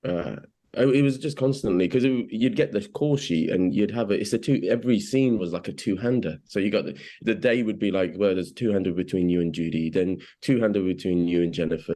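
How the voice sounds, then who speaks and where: Interviewee: English man, very low voice, halting, casual. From England. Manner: hesitant, many restarts and fillers, animated when quoting. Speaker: actor being interviewed.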